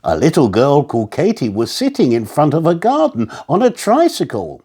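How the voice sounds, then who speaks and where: A man reading a funny children's story aloud as narrator, expressive and playful. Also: fairly high pitch, moderate pace, husky.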